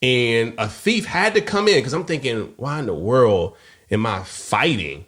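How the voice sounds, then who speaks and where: A man's voice: mid-range voice, sing-song, measured pace, fairly bright tone. A man co-hosting a podcast, telling a personal story in casual chat and acting out the voices of people he quotes. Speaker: podcast co-host.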